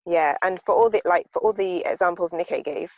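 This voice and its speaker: A woman's voice: fairly low pitch, brisk, a little mellow, dry recording. A woman taking part in a group discussion on a video call, speaking heavily and emphatically and repeating words for stress. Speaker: discussion participant. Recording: dull, dry call audio.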